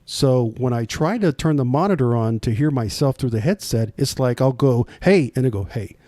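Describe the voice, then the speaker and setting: A man's voice: mid-range voice, fairly quick, warm tone, no room sound, clean studio sound. A man co-hosting a talk show who rambles through technical explanations over a headset mic, with many fillers. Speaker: co-host. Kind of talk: casual chat.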